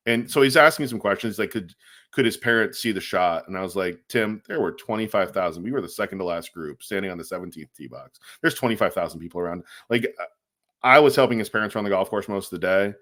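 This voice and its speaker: Co-hosting a relaxed podcast, a man with a very deep voice works through a long story in a loose, conversational manner. He animates it by acting out what people said, and leans heavily on fillers like um and like.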